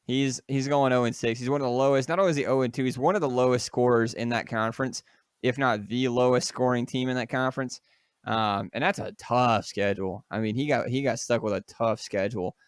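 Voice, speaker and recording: A young man chatting casually as co-host of a sports podcast, with a smooth, resonant voice. He jokes around and rambles, full of fillers and restarts. The sound is dry and close, with no room around it. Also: mid-range voice, fairly even intonation, brisk, dry recording. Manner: jokey, loose, lots of fillers and restarts.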